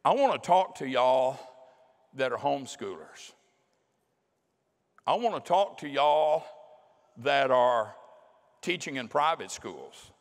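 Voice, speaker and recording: A middle-aged man preaching a sermon in a folksy, emphatic way, slowing down to drive his points home. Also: mid-range voice, very animated. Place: large church hall. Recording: long hall reverb.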